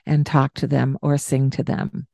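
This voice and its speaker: A woman hosting a parenting chat, calmly explaining and now and then slipping into high sing-song baby talk. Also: measured pace, gravelly, no echo, studio quality. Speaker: parenting podcast host.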